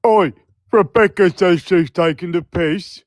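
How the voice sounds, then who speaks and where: A man's voice: sits high, measured pace, no echo. A man hosting a live stream panel, teasing guests with dry irony in casual banter.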